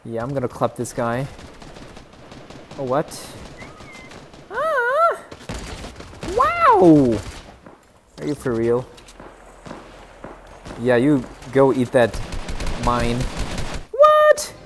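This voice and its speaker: A young man streaming a shooter game live, chattering excitably and teasing his chat. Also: slow pace, pauses often, background noise. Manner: excitable, yelps in sudden high bursts.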